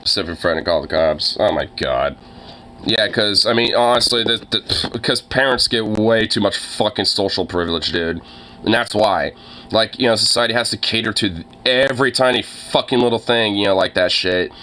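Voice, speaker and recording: A man's voice: fairly low pitch, moderate pace, bright, forceful tone. A young man ranting casually, with lots of fillers and swearing, sounding exasperated. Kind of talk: casual profane rant.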